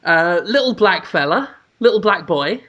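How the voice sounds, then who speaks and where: A man's voice: high voice, animated, moderate pace, a bit bright, lo-fi sound. A man from the United Kingdom co-hosting a podcast, telling a rambling story in a wry, casual way. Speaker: podcast co-host. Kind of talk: casual chat.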